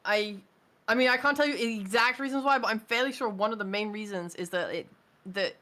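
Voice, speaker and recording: Woman guest on a stream, blunt and casual, swears a bit, normal pitch. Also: fairly quick, pushed and bright. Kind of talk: casual chat.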